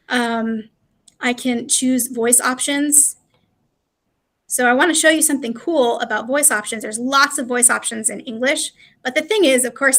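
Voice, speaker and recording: A woman's voice: a little high, pushed and bright. A woman presenting a live webinar walkthrough, chatty and explanatory, with frequent fillers. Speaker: presenter of a live product demo.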